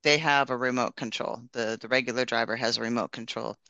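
A man's voice: medium pitch, steady tone, a little fast, vocal fry, pushed and bright, no echo, dull audio. A man casually sharing a testimony and praying, telling his story in an earnest, rambling way with many restarts.

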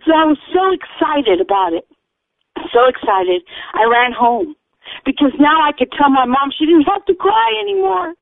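A woman telling her personal testimony in an earnest, excited storytelling manner, acting out the voices of others. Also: high voice, moderate pace, vocal fry, dry recording. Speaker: testimony speaker. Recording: dry, tinny phone-like radio sound.

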